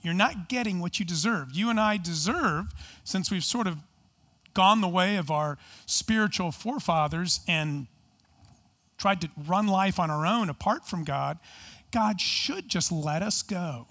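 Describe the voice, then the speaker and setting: A man with a high-pitched voice delivers a sermon as a pastor. He preaches earnestly and emphatically, leaning on rhetorical questions. He also shifts into explaining the text in a teaching tone. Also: expressive, a little slow, fairly bright tone.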